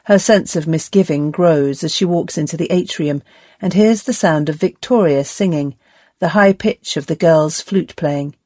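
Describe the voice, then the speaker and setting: Female audiobook narrator, lowish and measured, dry close read. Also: dark tone, no echo. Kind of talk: scripted narration.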